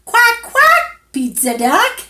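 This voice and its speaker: A woman's voice: very high voice, wildly swooping pitch, slow, pushed and bright, reverberant, a little hiss or hum, voice pushed up, exaggerated voice. A woman voicing an eager, hungry little girl from a picture book who greets the pizza man in squealing, sing-song bursts. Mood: excited, squealy.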